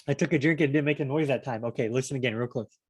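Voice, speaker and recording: This man reads Bible passages aloud and then talks them over in a loose, conversational way. He drifts into side stories and restarts his sentences often. His voice sits at an ordinary middle pitch. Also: racing, slightly rough. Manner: digressive, chatty asides and restarts. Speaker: Bible study vlogger. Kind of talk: reading scripture aloud with casual commentary.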